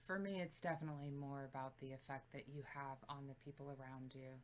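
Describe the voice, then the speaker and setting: A woman's voice: a bass voice, steady tone, fast, a little hiss or hum. A woman co-hosting a music reaction video in casual chat, thoughtful and reflective as she talks. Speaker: reaction channel co-host.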